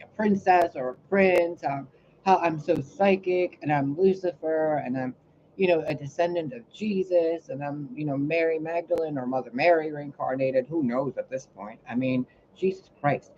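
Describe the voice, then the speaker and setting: A woman talking in a casual, rambling monologue on her channel, cursing often and swinging between loud outbursts and quiet asides. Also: sits low, moderate pace, highs cut off, slight background noise. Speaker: spiritual reader and channel host.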